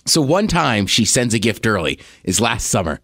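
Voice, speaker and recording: A man's voice: fairly low pitch, very animated, normal speed, a bit bright, no room sound, clean studio sound. A man co-hosting a podcast, telling a story in casual chat and laughing often. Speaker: podcast co-host.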